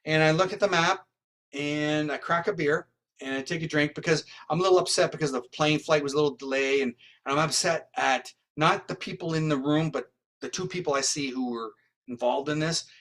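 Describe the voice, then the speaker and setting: Canadian-born man as an interview guest, slightly raised pitch, rambling storyteller who voices the other people in his story. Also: fairly quick, a bit bright. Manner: rambling, acts out quoted dialogue. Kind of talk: animated anecdotal storytelling.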